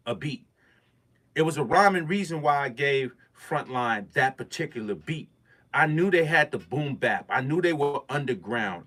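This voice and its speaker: A man's voice: fairly high pitch, fairly bright tone. A man, a music producer, speaking in a casual monologue, emphatic and preachy with street slang. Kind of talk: casual talking-head monologue.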